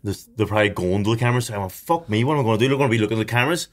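A man's voice: on the low side, animated, racing, a crowd in the background. A young man, telling a story as a podcast co-host, with lots of swearing and laughter. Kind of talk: casual chat, storytelling.

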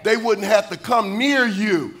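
Bright-voiced man preaching a rousing sermon. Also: sits high, a little slow. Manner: call-and-response preaching, swelling into shouts and sung phrases. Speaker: pastor.

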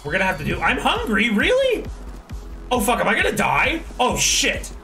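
A man streaming a video game, excitable and swearing, laughing and shouting at what happens on screen. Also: extremely high pitch, moderate pace, far from the mic, soft background music. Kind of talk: casual gameplay commentary.

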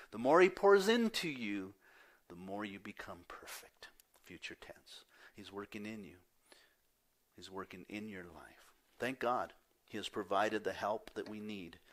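A man delivers a sermon from the pulpit, his voice sitting a little low. He swings between loud, emphatic declarations and hushed lines that drop almost to a whisper. He drops into confessional, self-deprecating asides. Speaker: pastor.

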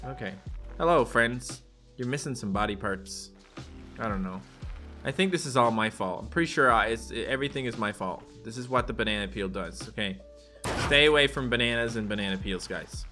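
A young man giving jokey let's play commentary on a video game, now and then leaping into squeaky put-on voices. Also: fairly quick, sharp tone, soft background music. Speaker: gaming YouTuber.

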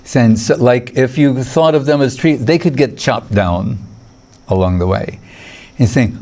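Slow, unhurried male spiritual teacher. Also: mid-range voice, darkish tone. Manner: digressive, chuckling, quotes Sanskrit verses. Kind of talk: lecture on scripture.

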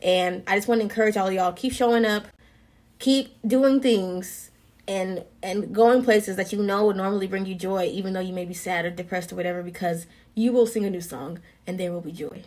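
A young woman giving casual, earnest faith encouragement in a vlog, with slang and a lively way of talking. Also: medium pitch, quick pace, few pauses.

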